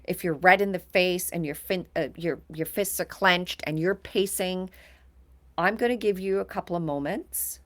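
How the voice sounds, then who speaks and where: A woman co-hosting a podcast, giving calm, direct advice in casual talk. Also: on the low side, moderate pace. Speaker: podcast co-host.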